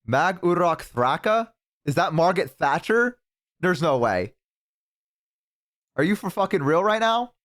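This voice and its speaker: Male streamer, casual reactions, high voice that jumps around, disbelieving. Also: sing-song, a little slow, pauses often, fairly bright tone. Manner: incredulous, exclaiming, swearing.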